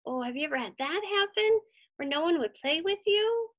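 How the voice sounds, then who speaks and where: A woman reading a picture book aloud to children, animated and stopping to ask them questions. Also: very high voice, normal speed, dull audio. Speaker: children's story reader.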